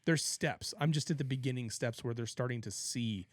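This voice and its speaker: A man co-hosting a podcast in casual chat, explaining his views earnestly with quick joking remarks. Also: mid-range voice, no room sound, studio quality. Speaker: podcast co-host.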